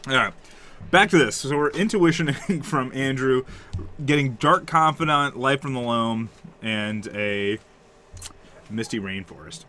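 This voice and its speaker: A man's voice: medium pitch, measured pace, sharp tone. A man giving casual, joking live commentary on a card game match, sometimes talking with his mouth full. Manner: laid-back, joking, talks while eating. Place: game store.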